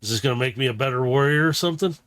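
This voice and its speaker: A grudging, wary robot fighter, as a game master voices him, pushes back in tense bursts. The voice sits in a plain middle range. The sound is dry and close. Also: male voice, mid-range voice, very fast, fairly bright tone, dry recording, lightly acted. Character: gruff, wary male robot warrior.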